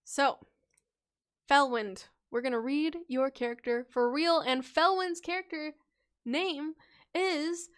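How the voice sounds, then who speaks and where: Speaking slowly in a high voice, this woman hosts a relaxed livestream where she reads viewer-written character stories. She's playful and chatty, laughs a lot, and trips over words before fixing them.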